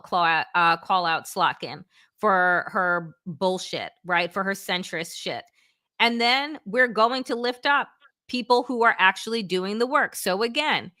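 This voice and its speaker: A woman's voice: mid-range voice, bright, forceful tone. A woman hosting a political talk show, speaking emphatically and swearing for emphasis. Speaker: host.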